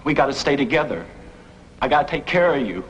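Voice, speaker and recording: An actor playing a stubborn, disturbed young man who refuses to leave and repeats himself in frantic shouts, in 1970s TV movie acting on a dull, lo-fi old film soundtrack. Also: medium pitch, expressive, a little fast, lightly acted.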